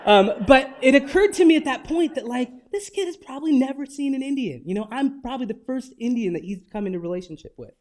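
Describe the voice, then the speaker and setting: A man in his forties giving a lecture, telling personal anecdotes in a relaxed, conversational way with gentle humor. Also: extremely high pitch, fast, few pauses. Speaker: guest lecturer.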